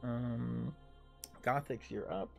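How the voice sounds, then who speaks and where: Gravelly-voiced man narrating tabletop combat. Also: medium pitch, takes it slowly, faint music behind. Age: 30s. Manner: vivid, energetic combat narration. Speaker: dungeon master. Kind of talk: livestreamed tabletop game narration.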